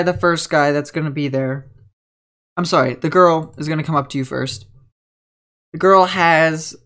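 A woman running a tabletop game as game master, narrating scenes in a casual, chatty way with many "like"s. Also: sits low.

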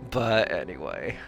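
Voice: creaky, a bit bright. A podcast co-host chatting casually, rambling with many fillers and restarts and acting out quoted people. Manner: acts out quoted people in higher voices. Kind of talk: casual chat.

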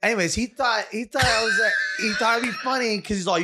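A man hosting a casual talk show, telling animated stories and acting out other people's lines. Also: high-pitched, fairly quick, hardly any pauses, husky. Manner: excitable, energetic, acts out other people's lines. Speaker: barber and show host.

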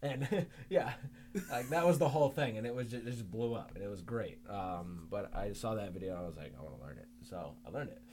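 Young male guest, deep voice, rambling chat, humming background. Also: brisk, a little mellow, a little hiss or hum. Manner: rambling, full of "like" and restarts. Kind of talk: casual podcast chat.

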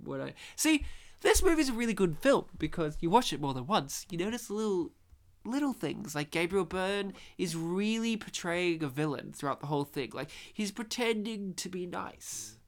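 A man's voice: high-pitched, sing-song, normal speed. Man, casual movie chat, joking, opinionated, silly voices.

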